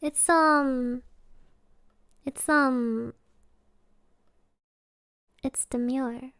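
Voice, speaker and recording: Woman streamer, very high voice, slow and drawn out, giggly, rambling casual chat. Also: steady tone, a bit bright, clear, resonant tone, no room sound, studio quality.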